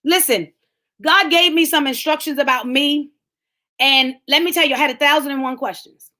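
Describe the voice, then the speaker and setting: Middle-aged woman, fervent motivational preacher, high bright voice, casual phrasing. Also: moderate pace. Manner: fervent preaching, talks straight to listeners by name; colloquial, rising to shouts. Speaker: speaker of a lunchtime empowerment talk. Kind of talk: sermon-style motivational talk.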